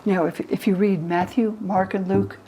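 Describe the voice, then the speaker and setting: A woman's voice: mid-range voice, normal speed, a little hiss or hum, low-quality recording. A woman in her eighties from the United States, a historian of religion, telling stories animatedly in a documentary interview. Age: 80s. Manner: animated storyteller, acts out quotes.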